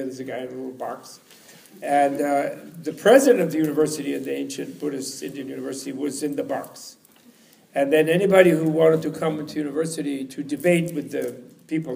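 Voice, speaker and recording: A man's voice: a little high, creaky, a little mellow. A man giving an informal teaching talk at a retreat, rambling and chuckling as he tells stories. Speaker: lecturer. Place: retreat hall.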